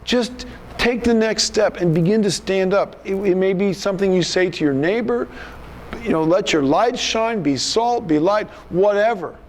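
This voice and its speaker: A man's voice: sits high, moderate pace. A male pastor preaching a sermon in an emphatic, rebuking manner, often repeating himself.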